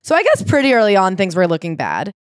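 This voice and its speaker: A woman's voice: medium pitch, wildly swooping pitch, fast talker, no echo, studio quality. A woman co-hosting a casual book-club podcast, animatedly retelling a memoir with swearing. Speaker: podcast co-host.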